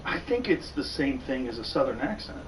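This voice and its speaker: A man's voice: medium pitch, very animated, a little fast. A man hosting a podcast chats casually, blunt and joking, with plenty of swearing. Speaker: podcast host. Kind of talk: casual conversation. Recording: distant podcast audio with faint noise.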